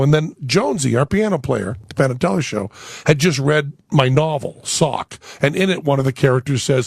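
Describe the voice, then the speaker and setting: A middle-aged man, a guest on a radio talk show, telling family stories in an animated, foul-mouthed way. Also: on the high side, moderate pace, creaky, slightly rough, no echo, clean studio sound. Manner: storytelling, animated, swears freely. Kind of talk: casual radio chat.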